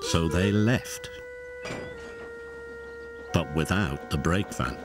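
A man with a British accent narrating a children's story in an expressive studio voice-over and doing all the characters. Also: low-pitched, slow pace. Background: music.

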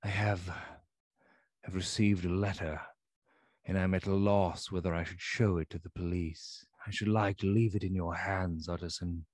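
A man's voice: low-pitched, steady tone, normal speed, a little mellow, dry recording. A man reading the part of a feverish, frightened middle-aged doctor who pleads in agitation. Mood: earnest.

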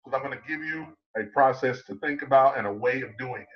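In an online conference talk, a man coaches on public speaking, speaking emphatically, posing many rhetorical questions and slowing down to stress key points. His voice is mid-range, and the high frequencies are cut off.

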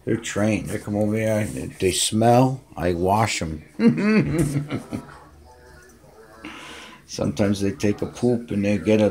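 A man filming at home, cooing to his cats in high baby talk with chatty asides, recorded on a handheld phone. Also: mellow. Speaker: cat owner filming his pets. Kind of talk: casual home video, talking to cats. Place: home bathroom, indoors.

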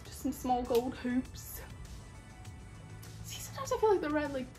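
Young female vlogger, high voice, under the weather, rambling and self-deprecating, faint music behind. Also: expressive, normal speed, a little mellow. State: sick, stuffy voice. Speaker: beauty vlogger. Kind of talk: casual makeup tutorial chat.

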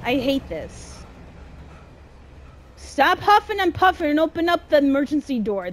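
A woman's voice: high voice, very animated, a little slow, long pauses. A woman streaming gameplay, talking back to the game in casual slang, exasperated and swearing as she plays. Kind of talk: live gameplay commentary.

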